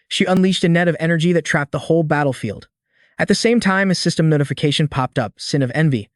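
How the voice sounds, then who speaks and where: A man tells a comic story in a scripted recap, using casual slang and dramatic flair. His voice sits a little high. It is recorded very close and dry, with no room sound. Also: brisk, no room sound. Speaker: narrator. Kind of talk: scripted manhwa recap narration.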